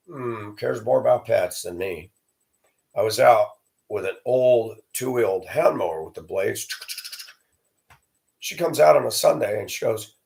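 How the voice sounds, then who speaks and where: Gravelly man on a sarcastic rant. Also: medium pitch, very animated, moderate pace. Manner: profane, sarcastic storytelling. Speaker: vlogger. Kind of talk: ranting monologue.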